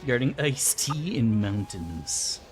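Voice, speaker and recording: A man's voice: mid-range voice, very animated, slow pace, very noisy. A man streaming a game and chatting casually, joking around in a rambling, crude way. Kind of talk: casual gameplay commentary.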